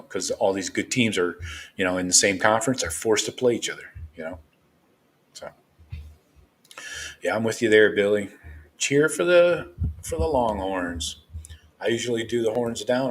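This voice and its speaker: A man's voice: fairly low pitch, normal speed, pauses often. A man hosting a live sports stream, talking loosely and rambling as a partisan fan. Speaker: live show host.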